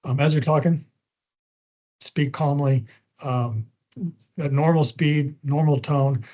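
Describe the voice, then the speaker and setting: Fast-talking man coaching on a call. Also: on the high side, steady tone, mellow. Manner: talks fast when he gets going; frequent ums and uhs, conversational. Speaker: media trainer. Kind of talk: spokesperson training talk. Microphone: video call. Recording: dull lo-fi call audio.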